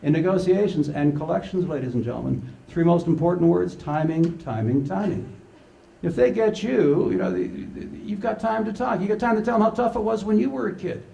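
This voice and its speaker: A man's voice: high voice, a little fast, gravelly, dark tone. An older man giving a humorous conference talk, telling playful stories and acting out the quotes. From Canada. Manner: storytelling, playful, acts out quotes. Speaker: conference speaker.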